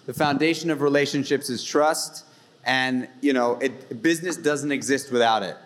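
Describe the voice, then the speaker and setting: Male panelist, average pitch, earnest and emphatic at a live event. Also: normal speed, a bit bright. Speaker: restaurant entrepreneur, panelist. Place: event stage before live audience.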